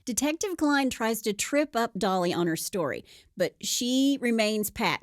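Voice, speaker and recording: A woman's voice: on the high side, animated, a little slow, no room sound, clean studio sound. A woman co-hosting a podcast, telling a true crime story casually and acting out the quotes with playful voices.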